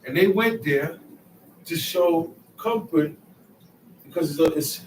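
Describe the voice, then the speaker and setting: A man teaching scripture in casual street talk, emphatic and repetitive, moving from quiet asides to loud outbursts. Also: on the high side, takes it slowly, slight background noise. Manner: emphatic, repeats phrases, swings from soft asides to loud outbursts. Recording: echoey room, mic set far off.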